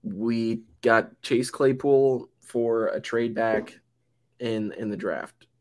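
Slow and steady in tone, a young man with a medium-pitched voice chats about football as a podcast co-host. He drifts along casually, often restarting sentences and leaning on fillers.

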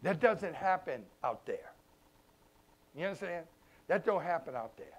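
A man, a pastor preaching a sermon in a conversational way, swinging between loud emphasis and hushed asides. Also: a little high, animated, a little slow. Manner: conversational, informal grammar and repeated phrases.

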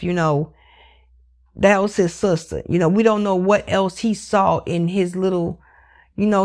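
A woman hosting her own podcast, talking alone in a casual monologue, blunt and animated, swearing freely and leaning on "you know". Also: lowish voice. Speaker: podcast host.

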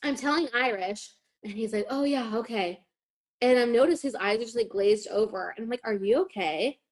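A young woman with a slightly high voice tells a chaotic story in a casual podcast chat. She swears freely and acts out each quoted line. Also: brisk.

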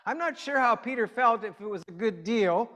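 A man's voice: sits high, expressive, normal speed, bright, forceful tone. A man preaching a conversational sermon, chatty and quizzing his congregation with questions. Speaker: pastor. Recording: long hall reverb.

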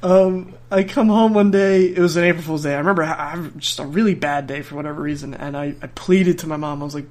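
A man's voice: fairly high pitch, quick pace, few pauses, darkish tone. Young man telling a rambling story. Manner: rambling, restarts often, laughs through his story. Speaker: podcast host. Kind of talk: casual storytelling.

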